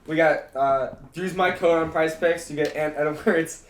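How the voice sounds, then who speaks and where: A man's voice: a little high, fairly even intonation, unhurried. Rambling young man, echoey room. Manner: loud, rambling, laughs a lot. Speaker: podcast co-host. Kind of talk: casual sports chat. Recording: echoey room with faint noise.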